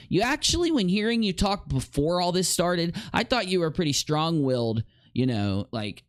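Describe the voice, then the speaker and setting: A man's voice: fairly high pitch, dry recording. A man streaming live, rambling and confronting a critic directly. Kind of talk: livestream commentary.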